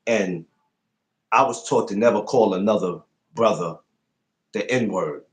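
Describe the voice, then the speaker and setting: A man with a fairly low voice and moderate pace hosts a podcast, chatting casually. He's an animated storyteller who also asks probing questions.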